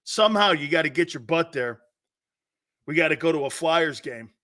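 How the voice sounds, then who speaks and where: A man hosting a sports talk show, brash and excitable, laughing often as he needles his co-hosts. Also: fairly high pitch, moderate pace. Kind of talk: loud opinionated sports radio talk.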